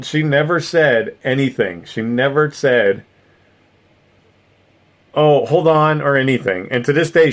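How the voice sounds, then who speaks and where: A middle-aged man hosting a live stream, chatting casually with viewers, rambling, swearing and laughing often. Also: medium pitch. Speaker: streamer host reading chat.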